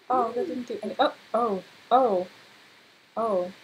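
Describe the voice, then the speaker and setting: A young woman talks over her gameplay in a relaxed, drawn-out way, her voice sitting a little high. She reacts with excited outbursts and laughter. A faint hum of noise sits under the recording. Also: low-quality recording. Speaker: gameplay commentator. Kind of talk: casual let's-play commentary.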